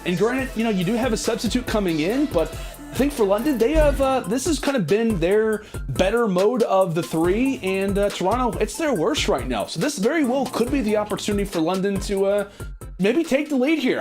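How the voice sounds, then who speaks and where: A man's voice: high-pitched, a little mellow. A man casting an esports match, talking through the action in a chatty way with many fillers. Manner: chatty, filler-heavy analysis. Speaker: esports caster. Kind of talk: play-by-play commentary.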